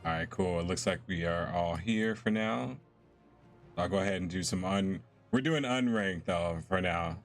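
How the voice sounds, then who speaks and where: A young man chats casually and laughs often as he live-streams a game. His voice is low-pitched and moves at a moderate pace. Faint game music plays in the background.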